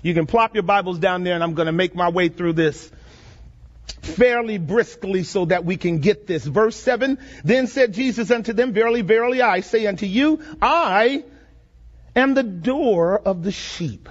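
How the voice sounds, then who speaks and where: A man preaching a sermon, reading scripture slowly and dramatically and asking the congregation questions. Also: high-pitched. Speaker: pastor. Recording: dull lo-fi audio with long reverb.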